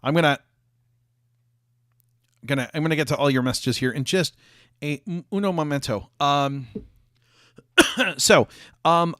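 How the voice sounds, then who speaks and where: A young man talks off the cuff to his livestream audience, wandering through his thoughts with plenty of ums and restarts. His voice sits at an ordinary middle pitch and sounds close and dry, with almost no room behind it. He is a little hoarse, coughing and hiccuping now and then. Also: a bit bright, no echo. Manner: rambling, many fillers and restarts. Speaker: streamer chatting with viewers. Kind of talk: casual livestream chat. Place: office.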